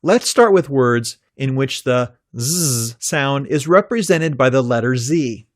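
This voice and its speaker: A man teaching an English pronunciation lesson from a script, with a careful, clearly articulated delivery. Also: medium pitch, lively intonation, slow, hardly any pauses, no room sound, studio quality.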